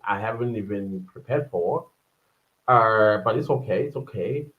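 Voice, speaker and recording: A man hosting a casual livestream, reading out viewer comments and often breaking into laughter. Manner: chatty and warm-hearted, often laughing, quick shifts up in pitch. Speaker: livestream host. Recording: muffled lo-fi livestream audio.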